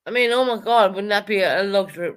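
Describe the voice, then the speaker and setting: A woman's voice: medium pitch, fast, smooth. Foul-mouthed woman ranting on a livestream. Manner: profane, heated and repetitive; addresses chat viewers by name. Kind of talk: angry livestream rant.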